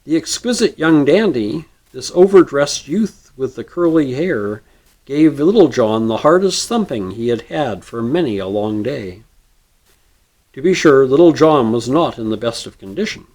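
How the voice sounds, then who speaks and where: A man reading a storybook chapter aloud with expressive narration. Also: medium pitch, measured pace.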